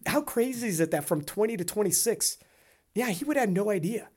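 A man co-hosting a casual podcast, talking in a rambling, animated way and laughing often. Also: high-pitched, fairly quick, husky. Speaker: podcast co-host.

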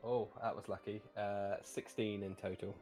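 A man playing a tabletop game, talking in a casual, animated way with frequent laughter. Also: on the low side, moderate pace, faint music behind. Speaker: player.

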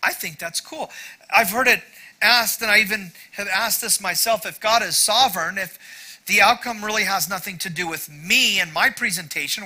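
A man's voice: high-pitched, moderate pace, bright, forceful tone, poor audio. A middle-aged male pastor giving a sermon in a conversational, self-deprecating way, with frequent asides to the congregation.

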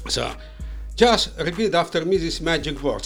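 A man talking as a studio guest in a slow, halting, playful way, with non-native grammar. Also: fairly high pitch, expressive, vocal fry, a bit bright, faint music behind. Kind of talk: casual interview chat.

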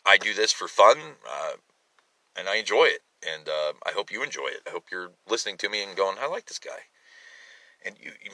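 A man's voice: lowish voice, bright, forceful tone, no room sound. A middle-aged American man hosting his own podcast, talking bluntly and self-deprecatingly with many fillers and restarts, recorded on a phone in a parked car. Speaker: podcast host. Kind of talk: casual rambling monologue.

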